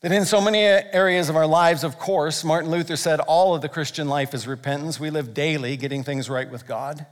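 A man with a high-pitched voice preaches a sermon, earnest and emphatic, dropping into soft, slow prayer between his loud points. His voice rings out with a long reverb, as in a large hall. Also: fairly even intonation. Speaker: pastor.

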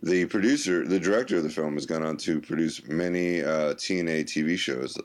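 Very deep-voiced man joking around. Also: fairly quick. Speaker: podcast co-host. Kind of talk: casual comedic chat.

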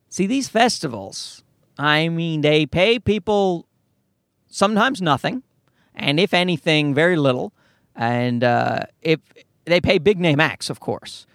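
Fired-up guy ranting on his podcast, swears a lot, voice swings all over, kinda high. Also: a bit bright, no echo, studio quality. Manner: worked up, ranting, swears freely. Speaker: podcast host. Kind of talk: comedic podcast rant.

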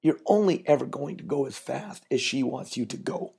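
Gravelly man spinning a yarn. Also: mid-range voice, lively intonation, normal speed, darkish tone. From Canada. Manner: folksy, chatty storyteller who builds to a moral. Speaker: podcast host. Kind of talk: storytelling monologue with a business lesson.

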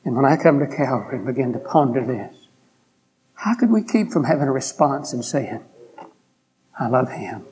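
A man, preaching a sermon with an earnest, pleading delivery and a hoarse throat. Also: mid-range voice, expressive, darkish tone. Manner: earnest, pleading, drawn-out pauses.

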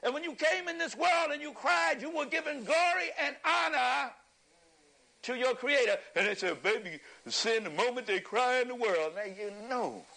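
A man giving an impassioned lecture to an audience, preacherly and emphatic, rising at times to a shout and chuckling through his points. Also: extremely high pitch, lively intonation, normal speed, vocal fry, poor audio.

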